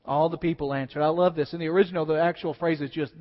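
A man preaching a sermon dramatically, swinging between loud declaiming and hushed asides. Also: fairly high pitch, fairly even intonation, quick pace, hardly any pauses. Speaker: pastor. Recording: dull sound with long reverb in a large hall.

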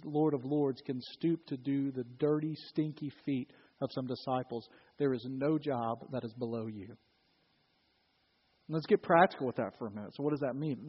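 A middle-aged man preaching a sermon, telling stories with acted quotes and sudden loud bursts. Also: fairly high pitch, breathy edge, long reverb tail, dull audio. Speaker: pastor. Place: church hall.

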